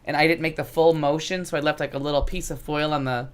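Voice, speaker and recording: A woman's voice: low voice, fairly even intonation, quick pace, clean tone. A woman chatting on a podcast, telling rambling stories and presenting an entertainment news segment. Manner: rambling, chatty, self-interrupting. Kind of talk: casual podcast chat.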